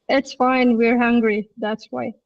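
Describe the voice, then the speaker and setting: A woman teaching an English lesson in a live online session, explaining patiently and reading examples slowly. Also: a little high, distant mic, muffled recording.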